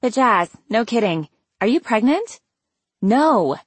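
A woman reading an audiobook, voicing an excitable young woman, a teasing best friend who talks loudly with plenty of exclamation. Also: medium pitch, measured pace, dry recording. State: out of breath. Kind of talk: audiobook character voice.

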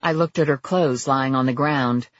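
A woman narrating a first-person audiobook in a lively, expressive way. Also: a bass voice, moderate pace, no echo, muffled recording.

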